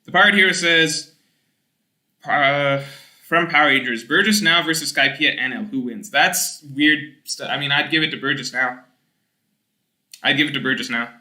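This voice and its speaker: A young man streaming, reading chat aloud and rambling in casual, animated talk with some swearing. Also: on the high side, moderate pace, reverberant.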